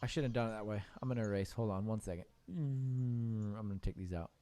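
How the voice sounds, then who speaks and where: A man's voice: on the low side, quick pace, dark tone. A man teaching a piano class, joking with his students while he draws notes with a mouse.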